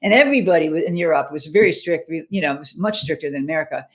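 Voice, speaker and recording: A woman's voice: sits low, animated, fast. A middle-aged woman, a mental fitness coach, telling a personal story in an online interview. She speaks earnestly and keeps checking in with "you know", "okay?" and "right?".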